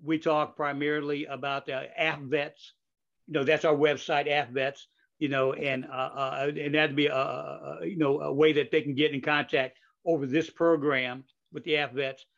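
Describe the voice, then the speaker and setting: Older male podcast host, slightly high voice, rambling chatty delivery full of fillers, muffled lo-fi recording. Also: level tone, moderate pace, gravelly, a bit bright. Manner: rambling, with many fillers and restarts. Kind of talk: casual interview chat. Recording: dull lo-fi audio.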